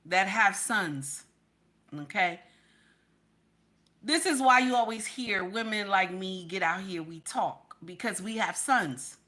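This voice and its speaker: A woman's voice: fairly high pitch, bright, forceful tone. A middle-aged woman giving casual, emphatic reaction commentary, repeating her points in a preachy way.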